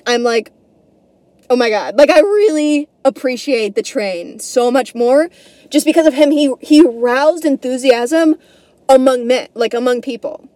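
A woman's voice: on the high side, dark tone, no echo. A young woman hosting a solo podcast, rambling casually, swearing freely and stumbling over her words in a self-deprecating way. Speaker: podcast host.

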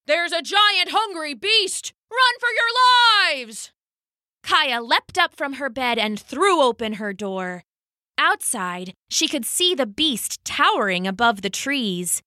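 Bright, lively woman reading a children's story. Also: a little high, no room sound, clean studio sound. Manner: slow, lively storytelling with many acted voices. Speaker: podcast storyteller. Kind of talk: scripted children's story narration.

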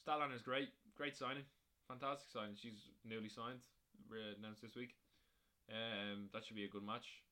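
A man's voice: fairly low pitch, steady tone, normal speed, sharp tone. A man hosting a podcast on his own, recapping wrestling shows in a rambling, casual way with plenty of fillers and swearing. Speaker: podcast host.

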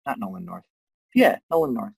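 A man co-hosting a podcast, chatting in a relaxed, rambling way and tripping over his words. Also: medium pitch, fairly quick, gravelly, husky, no room sound, poor audio. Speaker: podcast co-host. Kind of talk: casual chat reviewing a film.

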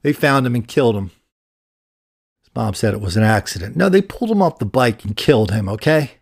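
A man's voice: mid-range voice, expressive, brisk, vocal fry. Podcast host, male, mid-range, sardonic storyteller. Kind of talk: casual commentary.

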